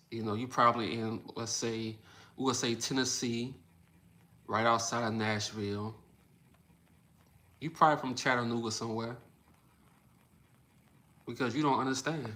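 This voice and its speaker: Blunt, bright-voiced man livestreaming. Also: mid-range voice. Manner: blunt, animated, repeats phrases for emphasis. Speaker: livestream host reading chat. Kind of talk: casual livestream commentary.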